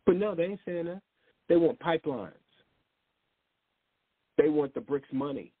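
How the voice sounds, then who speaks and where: A man's voice: a little high, expressive, measured pace, breathy edge, no echo. A man preaching an impassioned sermon, speaking emphatically and firing off rhetorical questions. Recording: dry, tinny phone-like sound.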